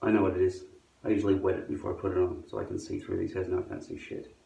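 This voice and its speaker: A man's voice: deep voice, steady tone, very fast, gravelly, dark tone, recorded from a distance, highs cut off. A man demonstrating how he applies a hairpiece, talking to his viewers in a sardonic, grumbling way and swearing often. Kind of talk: casual how-to monologue to camera. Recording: echoey room.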